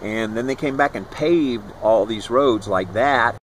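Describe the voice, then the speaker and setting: A YouTube vlogger in his sixties leads a walking tour down a residential street, telling old personal stories in a rambling, conversational way as he points out places. His mid-range voice keeps a measured pace, and the rough recording has a slight hiss or hum.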